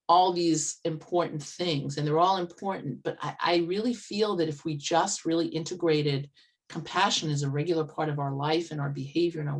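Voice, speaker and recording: A woman motivational speaker and life coach, telling an earnest, conversational story at an online meetup over a video call from a farmhouse. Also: sits low. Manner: earnest, conversational, with vivid retellings. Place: old farmhouse, indoors.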